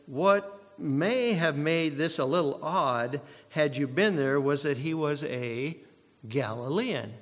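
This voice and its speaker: A man's voice: a little high, fairly bright tone. A man from Iowa preaching a sermon as pastor, teaching in a conversational, digressive way. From Iowa, USA. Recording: long hall reverb.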